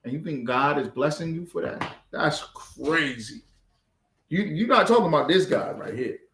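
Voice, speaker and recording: A man teaching a scripture class, preaching forcefully and repeating phrases for emphasis. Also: fairly high pitch, animated, normal speed. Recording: echoey room.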